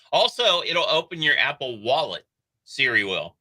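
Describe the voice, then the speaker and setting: Radio guy cracking jokes, super bright voice, teasing banter on air. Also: medium pitch, moderate pace, low-quality recording. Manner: joking, teasing deadpan asides. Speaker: radio show co-host. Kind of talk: casual morning radio banter. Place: radio studio.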